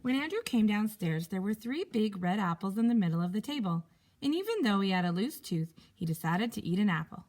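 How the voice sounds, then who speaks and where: A teacher reading a picture book aloud to young pupils, expressive and animated. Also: female voice, mid-range voice, fairly quick.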